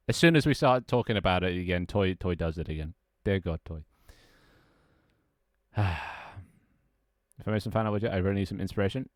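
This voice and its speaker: A young man talks on a live stream in a low voice, rambling and laughing with his viewers and friends. The sound is dry and close on a desk mic, with no room around it. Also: normal speed, pauses often, no room sound. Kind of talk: casual live-stream chat.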